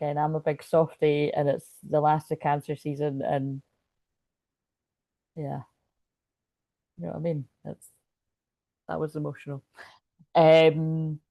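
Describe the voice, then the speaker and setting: Chatty woman, low dark voice. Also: no room sound. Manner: rambling, chatty, reads viewer comments. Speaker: spiritual astrology livestream host. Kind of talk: casual livestream chat.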